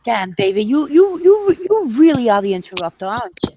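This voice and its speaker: A woman in casual voice chat, sassy and quick with comebacks. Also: fairly high pitch, big pitch swings, highs cut off, slight background noise. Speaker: chat room participant.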